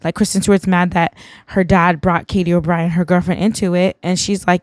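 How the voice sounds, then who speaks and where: A woman's voice: fairly low pitch, level tone, normal speed, dry recording. A woman hosting a vlog, tipsy and rambling through a casual film recap, leaning on "like" again and again. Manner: rambling, heavy use of "like". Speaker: vlog host.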